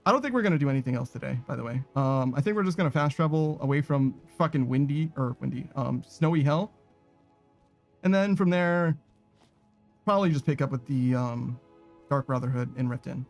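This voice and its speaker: A man's voice: medium pitch, brisk, faint music behind. A man giving casual, profane, sarcastic commentary while playing a video game. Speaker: gaming streamer.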